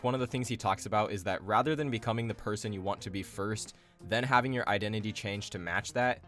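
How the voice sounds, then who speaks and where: A young man giving a casual, chatty explainer on language learning, full of slang and quick asides. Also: fairly low pitch, fairly bright tone.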